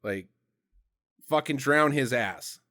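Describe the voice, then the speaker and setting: A man's voice: medium pitch, takes it slowly, bright, forceful tone. A man co-hosting a podcast, recapping a movie in a profane, joking way. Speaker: podcast co-host. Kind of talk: casual comedic movie recap.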